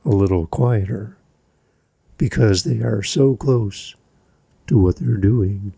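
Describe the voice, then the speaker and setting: A middle-aged man hosting a podcast from his basement, giving energetic, exasperated advice in a monologue. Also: fairly low pitch, a little slow, vocal fry, husky, dry recording, studio quality. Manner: energetic, exasperated, lively teaching. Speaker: podcast host. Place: home basement. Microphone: studio mic, a bit back from it.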